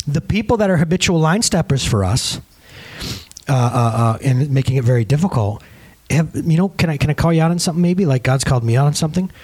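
Animated joking preacher man. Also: fairly high pitch, quick pace. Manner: animated, joking, acts out quotes. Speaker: pastor. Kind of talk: sermon with storytelling.

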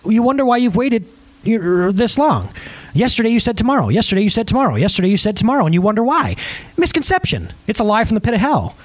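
A middle-aged man preaching a sermon, animated and joking, with big swings between high and low. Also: dry recording. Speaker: pastor.

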